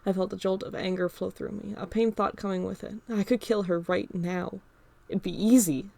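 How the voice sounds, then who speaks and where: Audiobook narrator, woman, gravelly voice, dry close sound. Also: mid-range voice, fairly even intonation, moderate pace, darkish tone, dry recording.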